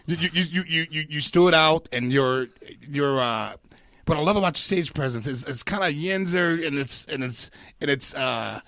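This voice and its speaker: A man in his forties, a stand-up comic guest on a podcast, talking in an animated, profane way with frequent laughs and repeated words. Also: a little high, moderate pace, dry recording. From Pittsburgh area. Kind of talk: casual chat.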